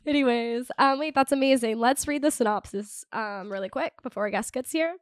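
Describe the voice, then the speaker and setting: A woman co-hosting a podcast, chatty and self-deprecating, talking fast in casual chat and reading a synopsis. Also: a little high, no echo. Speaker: podcast co-host.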